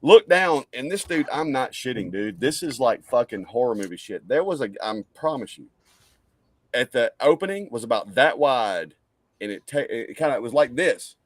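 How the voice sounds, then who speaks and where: A man's voice: medium pitch, very animated, moderate pace, no room sound. A man co-hosting a casual podcast, telling a story in a loose, profane way. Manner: laid-back, profane, laughs often. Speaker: podcast co-host.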